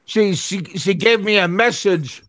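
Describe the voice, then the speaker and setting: A man's voice: high voice, unhurried, a bit bright. A man hosting his own show, telling a story in casual chat and stumbling over his words, repeating them as he goes. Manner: talks back to chatters who interrupt him. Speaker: show host.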